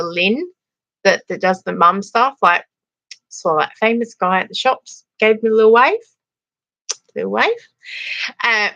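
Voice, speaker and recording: A woman's voice: mid-range voice, bright, forceful tone, dry recording. A middle-aged Australian woman hosting a casual livestream, chatting and telling funny stories. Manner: chatty storyteller, laughs often, reads out viewer comments. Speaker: livestream host.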